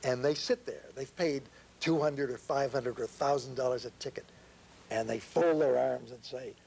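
Measured man author on a talk show. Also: medium pitch, gravelly, darkish tone, breathy edge. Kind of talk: casual chat.

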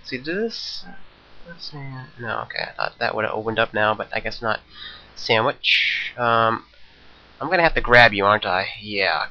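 A man's voice: lowish voice, animated, normal speed, pushed and bright, muffled recording. A young man giving rambling, jokey commentary over a video game he is playing, talking to himself. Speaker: let's play commentator.

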